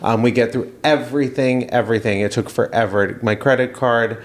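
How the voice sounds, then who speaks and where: A man's voice: mid-range voice, fairly quick. A man co-hosting a podcast, chatting casually and telling stories with playful asides. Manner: animated storyteller, playful asides. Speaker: podcast co-host. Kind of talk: casual chat.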